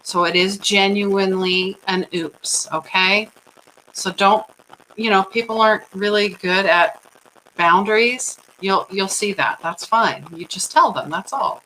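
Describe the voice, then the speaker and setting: A middle-aged woman hosting a casual talk to her viewers, chatty and animated, laughing often and checking in with "right?". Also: medium pitch, unhurried, a little hiss or hum, poor audio. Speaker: host of a livestream on personal growth.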